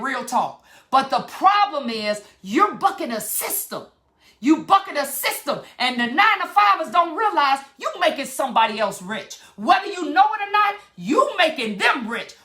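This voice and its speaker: A middle-aged woman vlogger gives an impassioned, fired-up, preachy motivational talk straight to her viewers. Her voice is high, pushed and bright.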